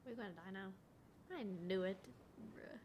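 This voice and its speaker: A woman's voice: medium pitch, normal speed. A woman giving joking, playful reaction commentary over a game. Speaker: gameplay streamer. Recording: loud noise with clicks.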